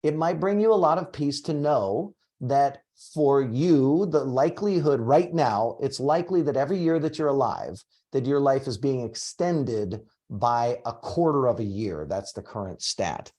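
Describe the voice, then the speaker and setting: A man in his forties hosting a casual group coaching call, telling stories with animated energy. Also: medium pitch, normal speed, few pauses. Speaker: host and coach.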